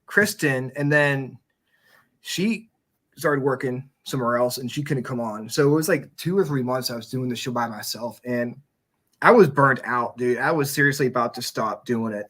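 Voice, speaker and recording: A man's voice: medium pitch, normal speed, a bit bright. Casual swearing podcast host, man. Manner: loose, swearing, rambling storytelling. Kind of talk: casual chat.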